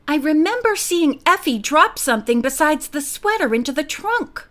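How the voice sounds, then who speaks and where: A woman's voice: high voice, animated, normal speed, fairly bright tone, voice pushed up. A woman voicing an anxious, earnest teenage girl detective in an audiobook, speaking with urgency. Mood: worried.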